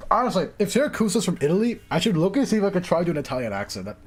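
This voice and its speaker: A man's voice: high-pitched, sing-song, very fast, a little mellow. A young man reading game dialogue aloud on a stream, joking and laughing between lines. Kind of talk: casual livestream commentary.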